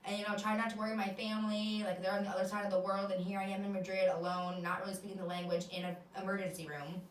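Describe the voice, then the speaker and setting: A woman in her twenties hosts a podcast and tells her own stories in an open, animated way, swearing without a second thought. Her voice sits on the low side. She sounds a little distant from the mic, in an echoey room with faint noise behind her. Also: fast. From United States. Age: 20s. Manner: candid, animated, swears casually. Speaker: podcast host. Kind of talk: casual storytelling monologue.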